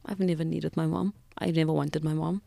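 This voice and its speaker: Low-voiced South African woman telling her story. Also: little pitch movement, a little fast, creaky, dark tone, dry recording. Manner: emotional, reflective, with frequent restarts. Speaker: podcast guest. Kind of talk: personal storytelling in an interview.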